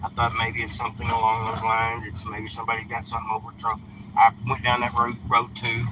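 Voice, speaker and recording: A man's voice: medium pitch, completely flat delivery, a little fast. A man hosting a casual live stream from his truck, talking bluntly and scolding at times. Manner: blunt, scolding, plain-spoken. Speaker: live-stream host handing out food. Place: inside a truck, by the street. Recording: traffic noise from outside. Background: car and street noise.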